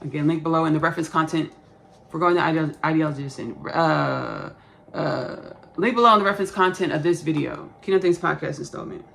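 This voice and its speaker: A woman's voice: low voice, fairly quick, vocal fry, a bit bright, slight background noise. A woman in her thirties with a Texan Southern accent, rambling casually through a spiritual podcast monologue full of repetition and jargon. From Austin, Texas. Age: 30s. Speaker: podcast host.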